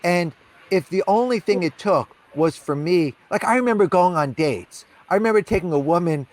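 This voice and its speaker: A man's voice: high-pitched, lively intonation, normal speed. A man talking as a podcast guest, telling candid stories with emphasis, repeating phrases and filling with "you know" and "right". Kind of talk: candid conversational storytelling.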